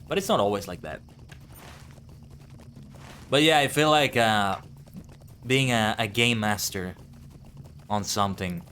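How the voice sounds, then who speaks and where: His voice sits on the low side and is a bit bright, with a little hiss or hum in the audio. The man, a VTuber streamer with a non-native English accent, thinks aloud during casual live-stream chat while gaming, rambling and musing.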